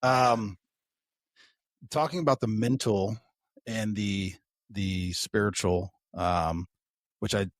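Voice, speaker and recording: A man's voice: lowish voice, steady tone, takes it slowly, pauses often, no echo. A man co-hosting a podcast, telling rambling stories in a casual way with some swearing and laughing at his own tales. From United States. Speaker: podcast co-host.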